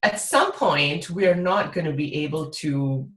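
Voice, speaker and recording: A woman's voice: sits low, a little slow, a bit bright. A woman being interviewed as a guest, talking expressively and laughing often. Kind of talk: casual interview chat. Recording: roomy echo.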